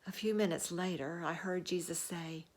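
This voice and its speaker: A sober Roman centurion recounts in first person, as a woman puts him on in her own lower voice. The telling is earnest and measured, a dramatic monologue. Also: close to an everyday voice. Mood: solemn. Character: Roman centurion, a grown man, sober commanding officer.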